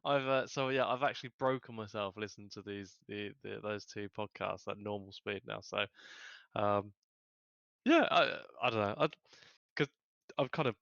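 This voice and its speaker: A man's voice: lowish voice, normal speed, gravelly, a bit bright, no room sound, muffled recording. A man co-hosting a gaming podcast, unwell with a cold, chatting casually in a rambling way full of fillers and restarts. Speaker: podcast co-host. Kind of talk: casual chat.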